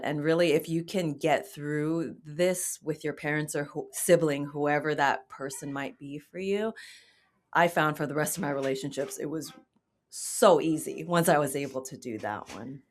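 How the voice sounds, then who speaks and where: A woman guest on an interview, candidly and reflectively telling a personal story in casual talk. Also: low-pitched.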